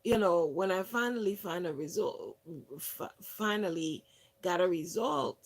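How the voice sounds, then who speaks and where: A woman hosting a wellness channel, telling stories casually with many fillers and restarts, and acting out other people's words with lively shifts. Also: on the low side, a little slow. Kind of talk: casual storytelling monologue.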